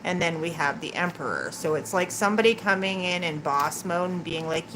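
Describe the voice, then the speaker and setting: Chatty woman tarot reader, low-pitched. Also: a little fast, few pauses. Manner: chatty, teasing, laughs often. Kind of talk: live-stream tarot reading, chatting with viewers. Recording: clear background noise.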